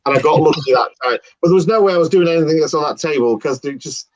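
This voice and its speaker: A man's voice: on the high side, quick pace, slight background noise, low-quality recording. A man, a magician, telling a story casually and acting out the dialogue. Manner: animated, acts out dialogue. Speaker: guest magician.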